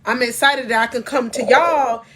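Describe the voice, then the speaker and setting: A woman's voice: a little high, moderate pace, a bit bright. A middle-aged woman gives a faith-based motivational talk to camera as a life coach, emphatic and preachy, calling her viewers "y'all.".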